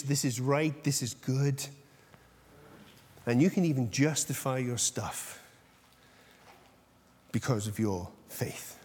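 A male pastor giving an intense, animated sermon, shifting between loud outbursts and soft whispered asides. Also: mid-range voice, husky. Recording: long echo of a large hall.

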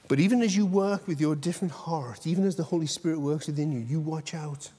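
High-voiced man preaching in an echoing hall. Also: quick pace, few pauses, slightly rough. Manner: intense, animated preaching with sudden loud outbursts and soft whispered asides. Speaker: pastor. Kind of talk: sermon. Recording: long echo of a large hall.

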